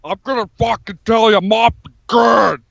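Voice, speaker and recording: A gruff, paranoid ex-wrestler turned politician who claims to live off the grid, as a man puts him on for a laugh. He rants in a high, profane bark and keeps circling back to the same boast. The sound is dull and lo-fi, with a dry close mic. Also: steady tone, moderate pace, a bit bright, no room sound, heavily acted. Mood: gruff ranting. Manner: profane ranting, repeats himself. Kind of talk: comedic impression on a live stream.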